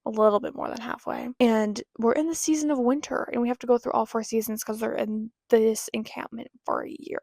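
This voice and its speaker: A young woman chatting casually in a reading vlog, rambling and self-deprecating, with quiet asides now and then. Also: on the high side, fairly even intonation, a little fast, gravelly, hardly any pauses, no echo. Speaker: book vlogger.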